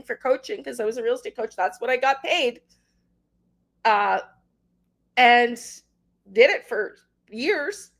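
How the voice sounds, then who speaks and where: A woman's voice: a little high, fairly bright tone. A middle-aged woman hosting a livestream, crying and rambling as she talks to her viewers by name. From Canada. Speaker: tarot livestream host. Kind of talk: emotional livestream chat with viewers.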